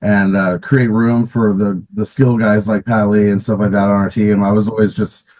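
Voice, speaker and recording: A man's voice: on the low side, level tone, normal speed, darkish tone, rough recording. A middle-aged man, a former pro hockey player, casually telling stories in an interview with many restarts and fillers, often laughing.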